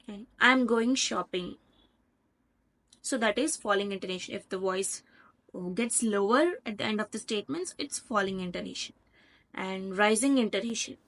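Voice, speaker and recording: A woman's voice: medium pitch, fairly quick. A woman with an Indian English accent, a lecturer methodically walking through lesson slides and repeating key points.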